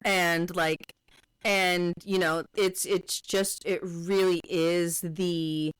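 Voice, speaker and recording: A woman's voice: on the low side, fairly even intonation, drawn-out words, smooth. A woman co-hosting a podcast, chatting casually about a book and restarting her sentences as she paraphrases characters. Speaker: podcast co-host.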